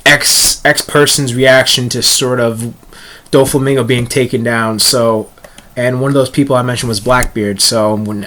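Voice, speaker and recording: A man's voice: medium pitch, fairly bright tone. A young man casually reviewing a comic chapter, rambling and often stumbling over words and restarting.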